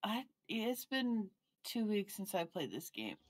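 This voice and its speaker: A woman's voice: mid-range voice, sing-song, a little slow, breathy edge. A woman streaming a co-op game, chatting playfully and joking with her partner. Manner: playful, laughs often, sing-song jokes. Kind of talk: casual gaming chat.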